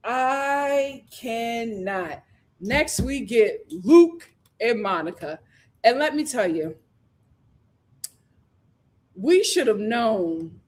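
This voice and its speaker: A woman in the middle of a casual live-stream review, ranting in disbelief and laughing as she goes. Her voice sits high and swings widely in pitch. She takes her time and draws out her words. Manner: exasperated, animated ranting with laughter. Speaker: reality TV reviewer.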